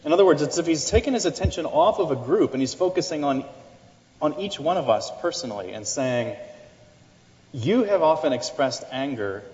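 A man's voice: on the high side, animated, fast talker, a little mellow, long reverb tail, highs cut off, a little hiss or hum. A middle-aged man preaching a sermon in a conversational way, often restarting and adding asides. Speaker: pastor.

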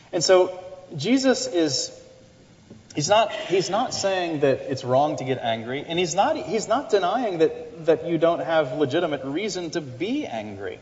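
A man's voice: on the high side, sing-song, measured pace, darkish tone, in a large hall, lo-fi sound. A middle-aged man preaching a sermon in a conversational way, often restarting and adding asides. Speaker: pastor.

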